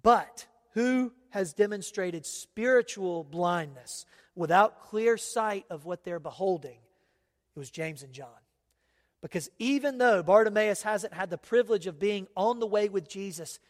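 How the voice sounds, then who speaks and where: A man preaching a sermon, emphatic, often checking in with the congregation with quick asides. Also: high voice, big-room sound. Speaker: pastor.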